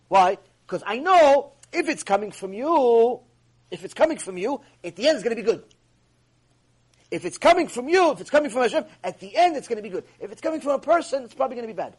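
A man's voice: very high-pitched, big pitch swings, quick pace, husky. A man giving a mussar lecture as a Torah teacher. He is emphatic, repeats himself and asks many rhetorical questions.

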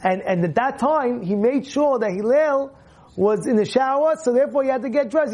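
Lively man teaching a Torah lesson. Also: very high voice, normal speed. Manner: lively, questions the listeners, acts out stories. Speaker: religious teacher.

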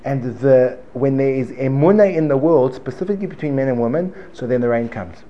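A man's voice: mid-range voice, a little fast. A man teaching an informal Torah class to a live room, joking and digressive, often repeating himself. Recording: dull lo-fi recording with faint room noise.

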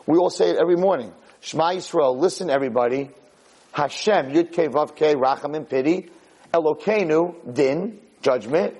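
A man's voice: fairly high pitch, normal speed, a little mellow, slightly rough, poor audio. A man teaching a sermon on the weekly Torah portion, telling the story animatedly and mixing in Hebrew terms. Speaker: rabbi lecturer.

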